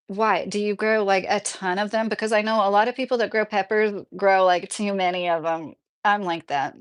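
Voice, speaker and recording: A woman's voice: medium pitch, a little slow. A woman in her thirties chatting casually as a vlogger, rambling with many fillers while reading viewer comments aloud. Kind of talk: casual chat.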